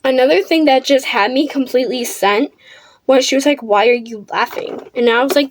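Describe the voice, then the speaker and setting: A teenage girl with a high voice tells a storytime vlog in front of a ring-lit camera. She talks bluntly and defiantly and swears freely, doing her makeup as she goes. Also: normal speed. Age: teens. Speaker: vlogger. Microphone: camera under a ring light.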